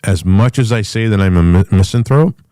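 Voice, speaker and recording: A man's voice: fairly low pitch, a little fast, dark tone, no echo, studio quality. A middle-aged man hosting a podcast, rambling through a casual, profane monologue full of restarts. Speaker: podcast host.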